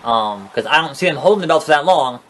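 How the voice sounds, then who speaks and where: A young gaming video host with a fairly high, expressive voice talks fast as he casually commentates his wrestling video game playthrough. He rambles, gets sarcastic, and swears at the characters in this let's-play.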